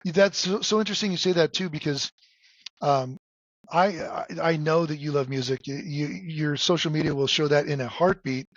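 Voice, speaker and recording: A middle-aged man hosting a podcast in casual chat, halting with many fillers and restarts, cracking jokes. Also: on the high side, no echo. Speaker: podcast host. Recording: dull dry lo-fi sound.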